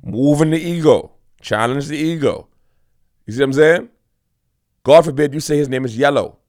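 A man doing a comedic monologue in an animated, teasing, rambling way, addressing the audience directly. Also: fairly high pitch, normal speed, no room sound, studio quality.

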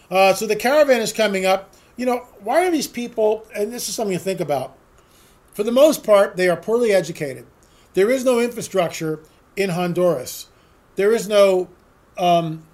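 A man's voice: sits high, darkish tone. A man hosting a solo political commentary monologue. He rambles, asks sarcastic rhetorical questions and repeats words for emphasis.

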